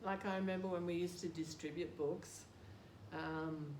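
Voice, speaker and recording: A woman's voice: lowish voice, steady tone, moderate pace, darkish tone. An older woman with an Australian accent, telling a story with laughter and self-deprecating humor in a casual interview. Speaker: interviewee, devotee. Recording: roomy with background noise.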